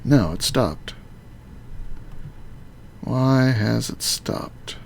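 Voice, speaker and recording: Man, gravelly low voice, casual game stream commentary, muttering, keyboard clicks, faint hiss. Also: animated. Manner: muttering to himself while playing, halting with fillers. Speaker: streamer playing a modded game.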